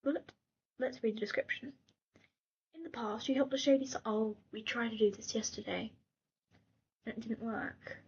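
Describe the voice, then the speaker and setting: A woman hosting a gaming channel, reading comments and chatting casually in a soft voice that often falls to a whisper. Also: fairly high pitch, steady tone, normal speed, pauses often, husky, lo-fi sound.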